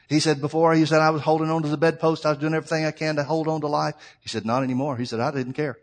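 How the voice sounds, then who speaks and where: A male pastor preaching a sermon, telling a story and swinging between loud, fervent preaching and quiet asides. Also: on the high side, steady tone, fast, few pauses. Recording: long hall reverb.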